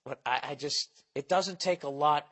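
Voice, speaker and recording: Man, forties, podcast host, profane animated storytelling, slightly higher voice. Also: normal speed. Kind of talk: casual comedic monologue.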